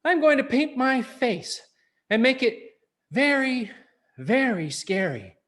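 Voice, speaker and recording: A mischievous boy pitched up high and lively, as a man reads him aloud. He draws his words out slowly and eagerly, a storybook kid set on scaring everyone. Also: exaggerated voice. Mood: excited.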